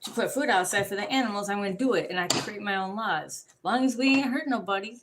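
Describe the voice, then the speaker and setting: A woman ranting casually to the camera, profane and rambling, telling animated stories. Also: mid-range voice, fast, background noise.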